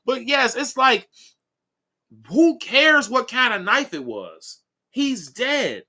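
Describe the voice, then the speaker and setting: A man's voice: extremely high pitch, big pitch swings, slow pace, sharp tone. A man hosting a casual commentary video, rambling and saying "guys" and "um" often. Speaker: commentary channel host.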